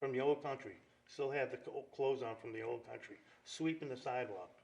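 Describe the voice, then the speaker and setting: A man, telling lively neighborhood stories in a casual chat. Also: mid-range voice, brisk, gravelly. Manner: lively storyteller, acts out quoted dialogue. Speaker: guest storyteller.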